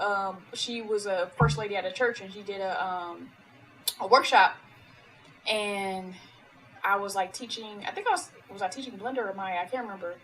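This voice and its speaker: A woman hosts a casual interview with a bright, forceful voice. She tells her stories in an animated way, her energy rising as she gets into them, with a faint noise in the background. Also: mid-range voice, low-quality recording. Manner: animated, lively storyteller with laughs. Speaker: podcast host.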